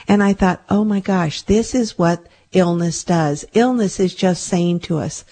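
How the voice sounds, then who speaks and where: A woman's voice: fairly low pitch, steady tone, a little slow, mellow. A middle-aged woman hosting a spiritual self-help talk show, speaking earnestly and reassuringly, with a lot of repetition. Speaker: host and energy healer.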